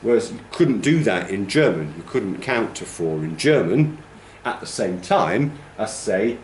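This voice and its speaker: A man's voice: lowish voice, big pitch swings, measured pace, hardly any pauses, a little mellow, roomy sound, slight background noise. A male teacher trainer giving a classroom lecture, explaining patiently and checking in with "okay?". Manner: demonstrates rhythms by humming and counting.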